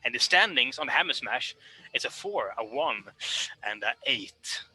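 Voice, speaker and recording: A man narrating as game master of a tabletop game, lively and animated. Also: mid-range voice, a little slow, husky, rough recording.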